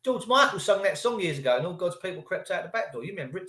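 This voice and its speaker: A man's voice: sits high, big pitch swings, fast, sharp tone. A middle-aged man, ranting profanely and sarcastically in a rambling live monologue as a stream host. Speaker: livestream host. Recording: echoey room.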